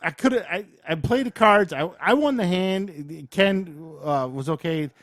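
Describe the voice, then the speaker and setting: A man's voice: high-pitched, a little slow, a bit bright, dry recording, clean studio sound. A man co-hosting a podcast, telling a story in a worked-up, cursing way. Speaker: podcast co-host. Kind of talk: casual chat.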